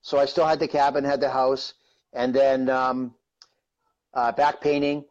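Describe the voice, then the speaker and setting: A man in his fifties from Canada tells his story as a guest on a live stream. He rambles in a conversational way, checking in with "you know" and "right?". His mid-pitched voice comes through dull, lo-fi audio. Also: little pitch movement, unhurried, a little mellow. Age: 50s.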